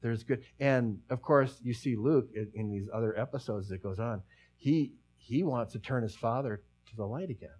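A middle-aged man preaching a sermon as pastor, talking conversationally with many restarts and dropping to a hush for emphasis. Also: medium pitch, moderate pace.

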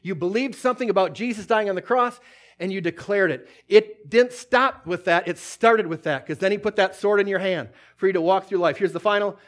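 A man's voice: high voice, a little fast. A man preaching a sermon, quoting scripture and acting out little scenes as he goes. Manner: animated storytelling, acts out scenes, quotes scripture.

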